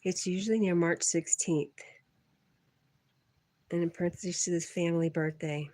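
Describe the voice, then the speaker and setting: A woman's voice: fairly low pitch, steady tone, normal speed, mellow, dry recording. Chatty woman reading out her chat. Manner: chatty, teasing, laughs often. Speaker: livestream host reading chat. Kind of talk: casual livestream chat. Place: on a porch.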